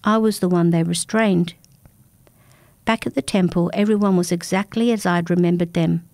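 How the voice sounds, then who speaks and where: A woman narrating a first-person folk tale in a calm, measured, intimate manner. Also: fairly low pitch, no echo. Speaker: storyteller.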